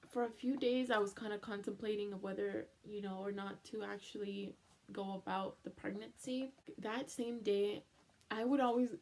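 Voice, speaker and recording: A woman in her twenties telling an emotional story in a chatty way, full of "like", slipping into Spanish phrases, teary from crying. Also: mid-range voice. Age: 20s. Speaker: vlogger.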